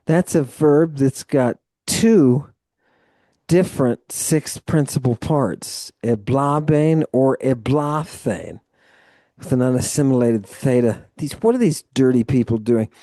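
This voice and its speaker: Man, mid-pitched, patient tutor who explains grammar in long stretches and cheers the student on; dry, close sound. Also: lively intonation, slow, warm tone, no echo. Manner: encouraging, explains grammar at length. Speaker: Greek teacher. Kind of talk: live tutoring session.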